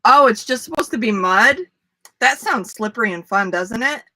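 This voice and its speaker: A woman's voice: a little high, normal speed, sharp tone. A woman hosting a casual livestream, chatty, talking to viewers by name and laughing easily. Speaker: livestream host. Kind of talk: casual live chat with viewers.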